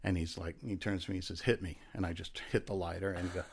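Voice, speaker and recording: A man's voice: deep voice, flat delivery, quick pace, vocal fry, slightly rough. A man, a former police officer, telling a rambling story in a laid-back way, acting out what people said. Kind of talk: casual storytelling chat.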